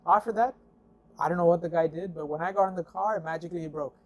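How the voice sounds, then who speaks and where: A slightly high-voiced man talks fast as he tells a casual car story as a guest. He's conversational and animated, acting out what was said and leaning on fillers and "I'm like."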